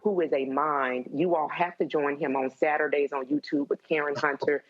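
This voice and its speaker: Low heartfelt woman on lo-fi audio. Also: fairly even intonation. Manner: heartfelt, halting with fillers. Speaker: panelist. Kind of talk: emotional panel talk.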